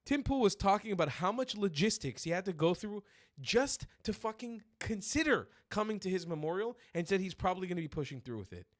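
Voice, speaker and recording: A man's voice: sits high, a bit bright, no room sound, clean studio sound. A man hosting a political commentary stream, ranting in furious, profane outbursts. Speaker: streamer host.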